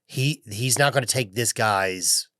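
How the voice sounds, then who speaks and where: A man's voice: lowish voice, unhurried, sharp tone, no room sound, clean studio sound. A man in a casual film review chat, talking loosely and rambling, with some cursing. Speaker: film podcast co-host.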